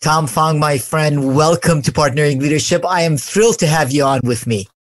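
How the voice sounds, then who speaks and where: A man's voice: a little high, moderate pace, no room sound. Enthusiastic male podcast host, dry sound. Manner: enthusiastic, effusive welcome. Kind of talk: interview hosting.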